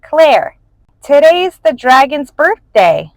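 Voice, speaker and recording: A woman voicing a curious young boy in a storybook, speaking in an excited, questioning way. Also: high voice, takes it slowly, no echo, voice pushed up, heavily acted.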